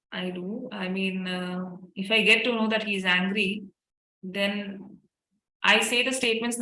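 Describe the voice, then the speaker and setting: A woman explains a tapping technique in a webinar. Her voice is bright and forward, and she talks in patient, repeating steps. The sound is echoey, as if from a bare room. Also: medium pitch. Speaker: EFT therapist and parent. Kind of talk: webinar talk answering questions.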